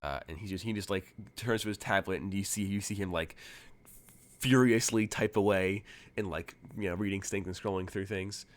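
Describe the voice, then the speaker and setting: A man's voice: low voice, fairly even intonation, moderate pace. A man narrating as game master in a tabletop game, casual and full of fillers.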